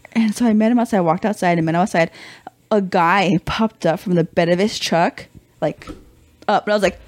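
A woman's voice: lowish voice, normal speed, no room sound. A young woman, a podcast guest, telling a story in casual chat, acting out quotes with swearing and slang. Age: young adult. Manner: animated, acts out quotes, swears freely, slangy.

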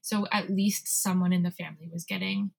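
A woman's voice: on the low side, fairly even intonation, a little fast, gravelly, darkish tone, husky. A young adult woman co-hosting a podcast in casual chat, rambling and giggly as she talks. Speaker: podcast co-host.

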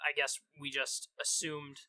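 A man co-hosting a comedy chat, talking in halting stops and starts and asking questions to keep up. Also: a little high, monotone, pushed and bright, dry recording, studio quality.

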